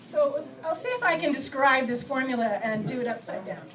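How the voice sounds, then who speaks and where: A middle-aged woman doing a stand-up comedy set, self-mocking and acting out her bits with quick shifts of voice. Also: high-pitched, expressive, fairly bright tone, recorded from a distance, rough recording. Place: comedy club stage before a live audience.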